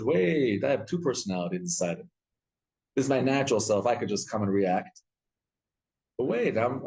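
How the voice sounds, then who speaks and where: A man teaching a Torah class, telling stories with lively acted-out quotes and frequent restarts. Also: fairly low pitch, poor audio. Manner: animated storytelling, acts out quotes, frequent restarts.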